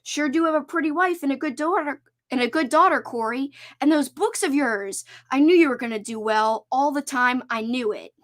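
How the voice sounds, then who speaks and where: Gentle fatherly man, as a woman reads him. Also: extremely high pitch, moderate pace. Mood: tender. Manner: warm, reassuring, fatherly. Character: loving, gentle late father at his porch. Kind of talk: reading a novel aloud.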